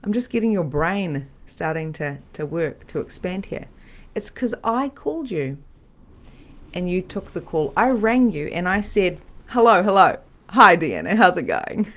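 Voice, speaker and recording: A middle-aged woman, a medium and spiritual coach, teaching on a live stream in a chatty, animated, repetitive way. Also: on the low side, unhurried.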